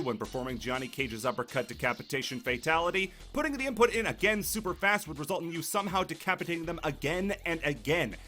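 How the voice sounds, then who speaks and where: A man's voice: a little high, pushed and bright. A man hosting a comedic video essay, narrating with sarcastic, jokey asides.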